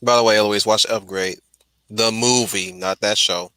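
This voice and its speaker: A man's voice: lowish voice, fairly even intonation, normal speed, sharp tone, dry recording. A man hosting a casual chat, laid-back and swearing freely. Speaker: host.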